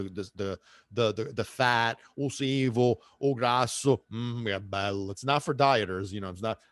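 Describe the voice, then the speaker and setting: Animated American man hosting a podcast. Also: mid-range voice, no echo, clean studio sound. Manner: animated, playful, drops into Italian phrases. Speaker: podcast host. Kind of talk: casual solo podcast rant.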